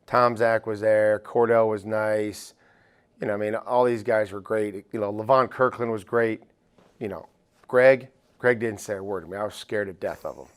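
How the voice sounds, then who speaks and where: A man's voice: lowish voice, steady tone, normal speed, clear, resonant tone. A middle-aged man, a football coach being interviewed, telling rambling anecdotes full of "you know" fillers. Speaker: football head coach, guest. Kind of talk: casual interview storytelling.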